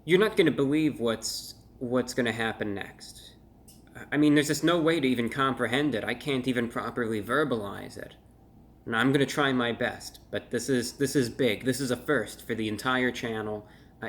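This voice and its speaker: A man's voice: medium pitch, normal speed, slight background noise. A man hosting a casual food review at home, rambling and joking at his own expense with many restarts. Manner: rambling, self-deprecating, with restarts and playful asides.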